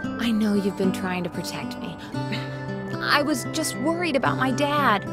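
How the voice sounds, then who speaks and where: An actress playing a guarded young woman in an animated cartoon, candid and teasing. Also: on the high side, a little slow, loud music behind the voice. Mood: earnest.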